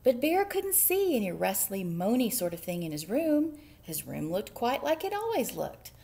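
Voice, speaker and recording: A woman's voice: on the high side, wildly swooping pitch, moderate pace, vocal fry, warm tone. A woman, a children's librarian, reading a picture book aloud at storytime with playful asides to young listeners.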